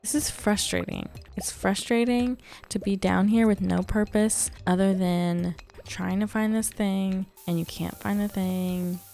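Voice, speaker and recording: A young woman hosting a casual let's-play, muttering in exasperation and then bursting into relieved excitement. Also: mid-range voice, measured pace, creaky. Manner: animated, exasperated muttering with sudden joyful outbursts. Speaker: gaming channel host.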